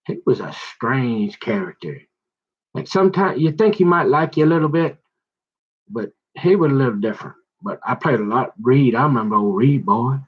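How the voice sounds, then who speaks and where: A man's voice: mid-range voice, husky, muffled recording. A man talking in a loose, slangy, rambling monologue that jumps from one story to the next and keeps restarting his sentences.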